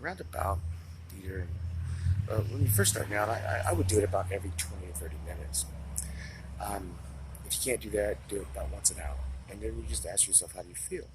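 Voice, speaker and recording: A man's voice: on the low side, animated, a little fast, noisy background. A man giving casual self-help advice straight to camera, blunt and rambling, swearing freely and restarting his sentences. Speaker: self-help video maker. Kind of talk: casual unscripted talk to camera.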